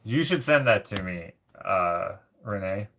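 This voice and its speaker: A man from Canada hosting a casual livestream, reading viewer comments aloud and rambling as he thinks out loud. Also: fairly low pitch, expressive, measured pace. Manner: rambling, thinks out loud while searching things up. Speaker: livestream host.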